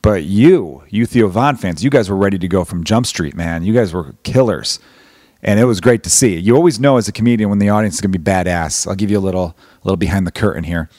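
A comedian in his thirties talks loosely into a close podcast mic, cursing freely and poking fun at himself as he drifts from topic to topic. His voice sits on the low side, and the sound is dry and close, with no room around it. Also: quick pace, a little mellow, no echo. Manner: profane, self-deprecating, rambling. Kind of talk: casual rambling monologue.

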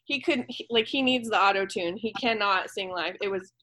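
A woman's voice: mid-range voice, moderate pace, bright, forceful tone. A woman co-hosting a casual chat, opinionated and teasing. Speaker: podcast co-host.

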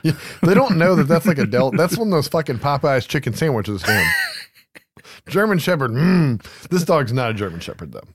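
Male podcast co-host, chatty recapper, animated delivery, dry close mic. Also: on the high side, fast talker, hardly any pauses, slightly rough, no room sound. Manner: laughing, swearing freely. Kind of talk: casual movie recap chat.

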